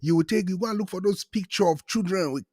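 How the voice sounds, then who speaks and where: A man hosting a casual chat show, telling stories with animated delivery and acting out the people in them. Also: high voice, fast talker, breathy edge, dry recording. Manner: animated storytelling, acts out voices in quotes. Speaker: show host.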